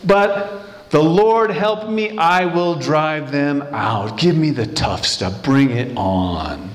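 A man's voice: a little high, expressive, slow. A man voicing an eager eighty-five-year-old warrior who emphatically demands the hardest fight. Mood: bold, eager.

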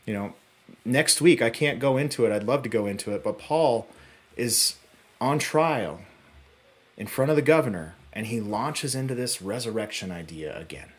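A man with a husky, breathy voice delivers a sermon at a church service. He moves between quiet, low phrases and rising, urgent emphasis, with pauses between short phrases. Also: animated. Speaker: pastor.

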